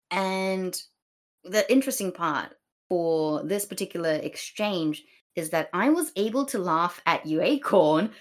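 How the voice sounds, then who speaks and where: A woman co-hosting a podcast, chatting casually about a play with many fillers and acted-out quotes. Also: lowish voice. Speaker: podcast co-host.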